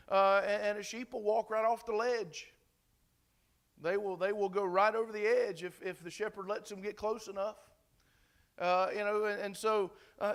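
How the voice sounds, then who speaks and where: A man with a high, slightly bright voice preaches a loose, conversational sermon to his flock. Fillers and restarts are frequent, and he turns questions back to the listeners.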